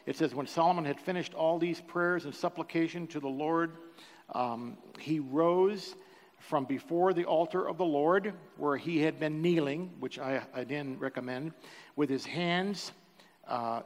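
An older man preaching a sermon, telling a personal story with emotion and joking with the congregation. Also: on the high side. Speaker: pastor. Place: church sanctuary. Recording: reverberant church hall.

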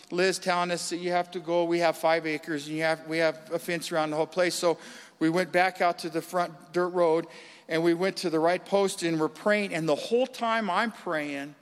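High-voiced man telling an animated testimony. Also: clean tone, in a large hall. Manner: animated storytelling, acts out voices. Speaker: guest giving testimony. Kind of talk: church testimony.

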